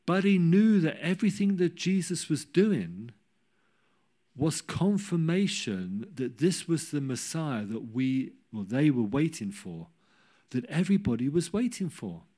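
A man preaching a sermon, telling a Bible story with humorous asides and rising to loud cries when he quotes. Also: on the high side, very animated, measured pace.

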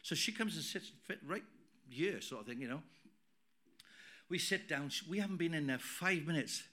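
A middle-aged man preaching a sermon in a church, emphatic, swinging between loud declarations and quiet asides. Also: a little high, animated, moderate pace. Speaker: pastor.

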